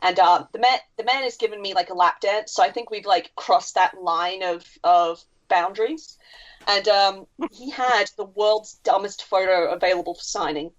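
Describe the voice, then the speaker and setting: Woman, podcast co-host, wry and opinionated, swears a lot, mid pitch, dull lo-fi sound. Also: moderate pace. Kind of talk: casual chat.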